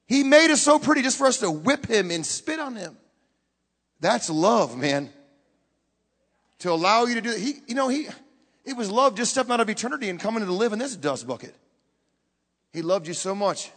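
A man preaching a sermon, emphatic, swinging between loud bursts and hushed lines. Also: high-pitched, expressive, normal speed, long pauses, husky. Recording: long hall reverb.

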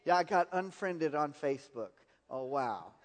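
A man's voice: a little high, lively intonation, unhurried, big-room sound. A man preaching a sermon, telling personal stories and laughing at his own anecdotes.

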